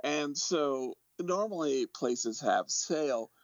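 Deliberate male podcast co-host with dry humor, lively pitch, dull dry recording. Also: no echo. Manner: slow, deliberate, dry jokes. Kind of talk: casual podcast chat.

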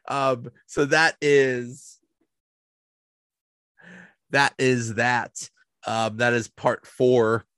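A man in a casual vlog, rambling through episode retellings with many halting restarts. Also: mid-range voice, flat delivery, fairly bright tone, smooth, no room sound. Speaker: video host ranking sitcom episodes.

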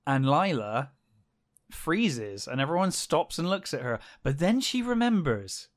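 A man with an English accent, co-hosting a casual podcast and recapping a book with quick jokey asides. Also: a little high, very animated. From England. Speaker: podcast co-host.

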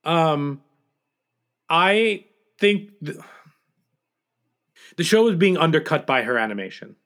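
A man co-hosting a podcast in casual chat, measured and critical in his opinions. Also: a little high, sing-song, fairly bright tone. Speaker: podcast co-host.

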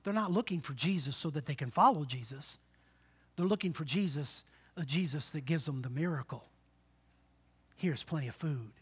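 A man in his sixties preaching a sermon, swinging between loud exhortation and quiet, low asides, and calling for amens from the congregation. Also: expressive, normal speed, pauses often, husky. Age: 60s. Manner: call-and-response with the congregation. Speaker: pastor.

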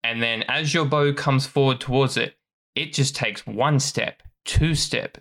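A man narrating a tabletop game as its game master, in animated, rambling storytelling. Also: medium pitch, normal speed, creaky. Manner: animated storytelling with many restarts.

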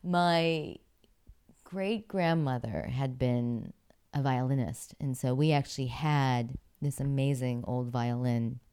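A woman's voice: rumbling low, slow pace, warm tone, clean tone. A woman from Pittsburgh, an actress and former figure skater, telling stories as an interview guest in a chatty way, laughing often. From Pittsburgh, USA. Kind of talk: casual interview storytelling.

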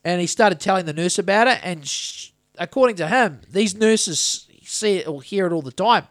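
Man, podcast host, high voice, dry close sound, casual rambling chat, swears a lot. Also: lively intonation, moderate pace, no echo. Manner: rambling, swearing anecdotal storyteller.

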